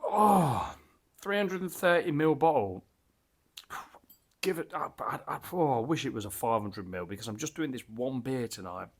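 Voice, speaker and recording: A man's voice: mid-range voice, animated, normal speed. A man casually reviewing a beer as he tastes it, enthusiastic and rambling, with lots of fillers and restarts.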